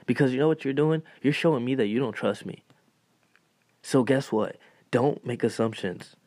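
A young man hosting a podcast, talking in a casual motivational monologue, animated and laughing often as he acts out what others said. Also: mid-range voice, dry recording. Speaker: podcast host.

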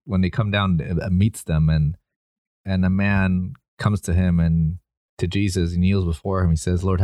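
Man, very low voice, dry close sound; casual scripture chat, hesitant, full of "like". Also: a little mellow, no echo. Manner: retells stories with hesitant fillers and quoted lines.

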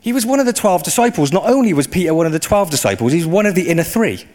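A man's voice: sits high, fast talker. Conversational male preacher. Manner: conversational, rising into animated emphasis. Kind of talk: sermon.

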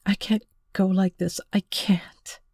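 A woman's voice: mid-range voice, flat delivery, takes it slowly, husky, no echo, in a whisper, studio quality, voice pushed up. A narrator voicing a tearful young woman. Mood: pleading. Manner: tearful, pleading, gentle. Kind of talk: audiobook character reading.

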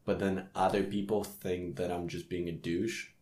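A man's voice: low-pitched, little pitch movement, normal speed, a little mellow. A man who hosts comedy shows, chatting casually with a self-mocking, rambling manner and frequent laughter. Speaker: comedy show host. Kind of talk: casual podcast chat. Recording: echoey room.

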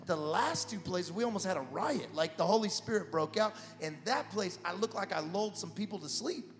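A man preaching a sermon as pastor, animated, with repeated phrases that build to shouts. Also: high voice, a little fast. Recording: echoey hall with music.

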